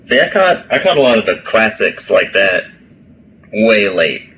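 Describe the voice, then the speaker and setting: A man's voice: lowish voice, sing-song, unhurried, fairly bright tone, dull audio, slight background noise. A man co-hosting a podcast in casual chat, laid-back, laughing often and swearing freely. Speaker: podcast co-host.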